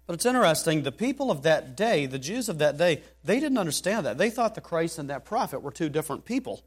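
Higher-voiced man preaching a sermon. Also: very animated, quick pace, slightly rough. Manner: expository preaching, reads scripture aloud, rises in emphasis.

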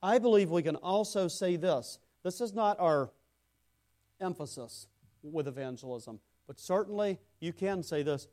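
A man preaching a sermon in a fairly high voice. He climbs into loud, emphatic lines, then sinks into hushed, low-pitched asides. He talks straight to people in the pews, calling some by name. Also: expressive, measured pace. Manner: speaks to congregation members by name. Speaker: pastor.

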